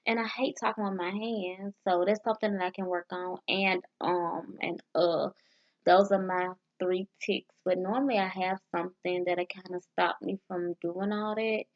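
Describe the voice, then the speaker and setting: A woman vlogging casually as she practices foreign phrases, sounding them out haltingly with restarts and nervous, self-deprecating asides. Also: fairly low pitch, fairly even intonation. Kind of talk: casual language practice vlog. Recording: dull lo-fi sound.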